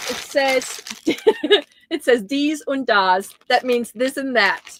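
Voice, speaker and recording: Slow-talking, high-pitched woman host. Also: fairly bright tone, a little hiss or hum, poor audio. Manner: gushing, exclaiming over gifts. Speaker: crochet livestream host. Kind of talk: casual livestream chat.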